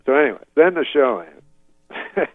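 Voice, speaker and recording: A man from Canada telling a rambling story in a deadpan, casual way, laughing at his own jokes, over a video call. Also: a little high, takes it slowly, no echo, soft background music. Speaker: comedian guest. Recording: dull lo-fi dry sound.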